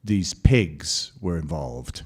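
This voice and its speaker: A man answering fan questions at a convention panel, telling lively anecdotes on a handheld mic. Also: rumbling low, takes it slowly, breathy edge. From Scotland. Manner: lively anecdotal storytelling with quoted voices and laughs. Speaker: convention panel guest actor. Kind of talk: storytelling Q&A panel.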